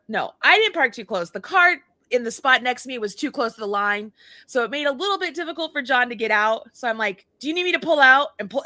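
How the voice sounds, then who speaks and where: Middle-aged woman telling a funny story, bright voice, kinda high, dry sound. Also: no room sound. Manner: animated, acts out dialogue, laughs often. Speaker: co-host. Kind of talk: casual storytelling chat.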